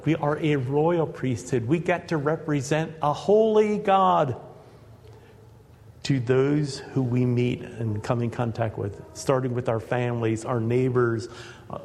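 A man preaching to his congregation in a church, earnest and direct, rising to emphatic peaks as he drives his points home. His voice sits at an ordinary pitch for a man, and a long reverb from the sanctuary trails after each phrase. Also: fairly even intonation, a little slow, vocal fry, darkish tone, a little hiss or hum. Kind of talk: sermon.

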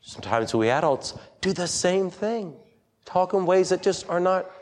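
A man's voice: high-pitched, expressive, normal speed, a little mellow, slight background noise. A man preaching an interactive sermon to a congregation, asking them questions and reading scripture aloud. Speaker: pastor.

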